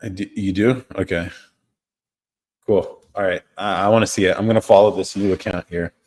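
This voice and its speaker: A man's voice: sits low, steady tone, moderate pace, a little mellow. A man hosting a live stream, chatting casually with viewers, reading their comments and chuckling often. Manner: laid-back, chuckles often, trails off. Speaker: livestream host.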